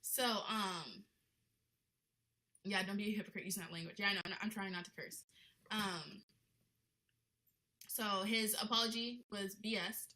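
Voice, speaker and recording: A woman's voice: medium pitch, steady tone, a little slow, long pauses, bright, forceful tone, poor audio. A young woman ranting in a casual vlog, blunt and indignant, with lots of "like" in her talk. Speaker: vlogger.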